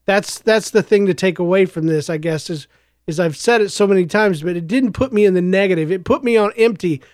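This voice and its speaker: Hoarse man talking casually, solo podcast. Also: sits high, no room sound, studio quality. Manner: rambling and reflective, with frequent restarts. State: hoarse from coughing. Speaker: podcast host.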